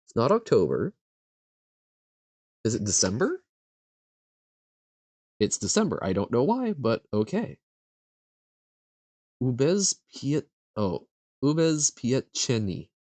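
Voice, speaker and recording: A man streaming a live quiz, thinking aloud and haltingly sounding out foreign words as he guesses. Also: mid-range voice, wildly swooping pitch, a little mellow, no room sound.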